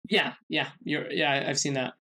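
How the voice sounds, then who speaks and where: A man co-hosting a podcast, presenting a researched segment in casual chat, halting with many fillers and restarts. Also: on the high side, bright, forceful tone. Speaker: podcast co-host.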